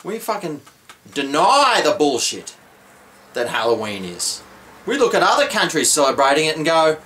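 A man's voice: fairly high pitch, huge pitch swings, moderate pace, a bit bright. An Australian man ranting grumpily to camera in a comedic vlog, swearing constantly and sounding exasperated. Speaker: vlogger.

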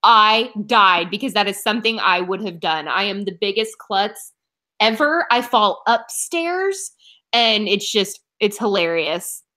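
A woman's voice: medium pitch, expressive, measured pace, pushed and bright. A woman from Oklahoma co-hosting a book club live stream, chatting casually and reacting to viewer comments.

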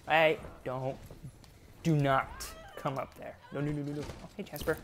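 An excitable man chats through his gameplay, laughing often and quickly distracted. His voice sits a bit high for a man, and a steady noise hums behind him. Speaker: gaming YouTuber. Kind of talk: casual gameplay commentary.

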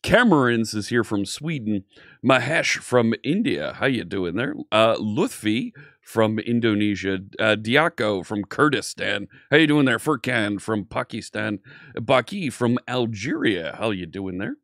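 A man's voice: lowish voice, lively intonation, unhurried, a bit bright, no room sound, studio quality. An upbeat man hosting a live coding stream, chatting casually and greeting viewers by name.

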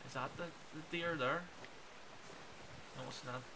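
A man's voice: mid-range voice, fairly even intonation, a little slow, background noise. A young man in his twenties with a Belfast accent, chatting with viewers and exclaiming as he plays a video game. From Northern Ireland. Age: 20s. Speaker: gaming streamer. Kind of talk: casual gameplay commentary chatting with viewers.

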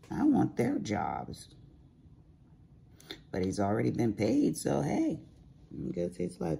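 A woman's voice: extremely low pitch, sing-song, unhurried, creaky, mellow, slight background noise. A middle-aged woman chatting casually while crafting at home, telling sassy stories with big swings in her voice. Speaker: crafting vlogger.

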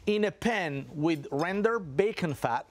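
Joking high-voiced TV chef. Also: male voice, expressive, unhurried. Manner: jokey, playful, with cheerful chatter and laughs. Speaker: guest chef. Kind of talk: cooking demonstration on a daytime talk show. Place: television studio kitchen.

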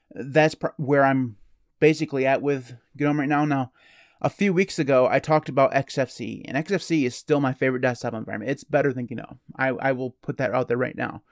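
A man's voice: medium pitch, no echo, clean studio sound. A man hosting his own channel, talking casually and rambling a little, with self-deprecating jokes. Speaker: channel host. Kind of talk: casual solo talk to camera.

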